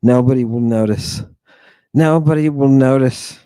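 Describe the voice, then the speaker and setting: A man lecturing late at night in a rambling, sardonic way that speaks directly to listeners. His delivery is very slow, with a dark, mellow tone. The sound is dry and close, with no room echo. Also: mid-range voice, clear, resonant tone. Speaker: podcast host.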